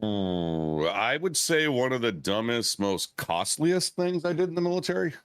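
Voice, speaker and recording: A man's voice: medium pitch, big pitch swings, measured pace, smooth, no echo, studio quality. A veteran man on a podcast telling a profane, rambling war story with frequent restarts and swearing. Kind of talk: casual storytelling chat.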